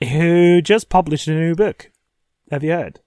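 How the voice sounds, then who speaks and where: A man's voice: on the high side, a little slow, mellow, clean tone, no room sound, studio quality. A man co-hosting a casual podcast chat, talking eagerly and often repeating words as he starts sentences. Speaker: podcast co-host.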